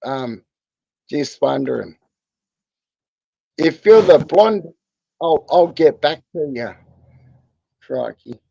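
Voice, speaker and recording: A man's voice: on the high side, lively intonation, takes it slowly, gravelly, long pauses, dark tone, no room sound, highs cut off. An Australian man hosting a livestream in crude, rambling casual chat, swearing constantly. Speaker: livestream host.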